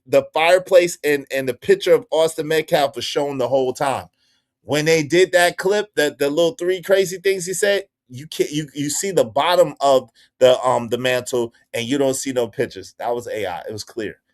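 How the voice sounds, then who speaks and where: A man hosting a casual livestream, talking to his chat in an animated, repetitive way. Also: on the high side. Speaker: livestream host.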